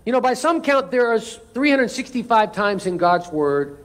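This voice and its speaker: High-voiced man preaching a sermon. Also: sing-song, moderate pace, a bit bright. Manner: emphatic preaching with call-and-response. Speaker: pastor.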